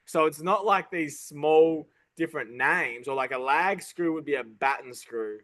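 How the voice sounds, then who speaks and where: Aussie tradesman guest, somewhat high bright voice, halting and full of restarts. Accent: Australian, toned down. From Australia. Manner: halting, stop-start, many false starts. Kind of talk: casual interview chat.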